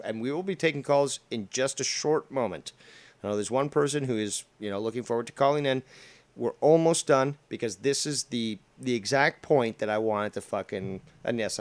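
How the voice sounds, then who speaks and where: A man hosting a long stream, giving mocking, sarcastic commentary on clips he plays, with frequent swearing. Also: on the low side. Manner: sarcastic, profane. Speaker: stream host.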